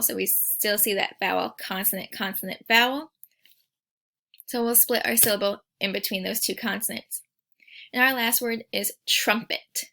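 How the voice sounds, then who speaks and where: A woman teacher giving a recorded spelling lesson, speaking patiently and sounding out each word slowly and clearly. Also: medium pitch, bright, forceful tone.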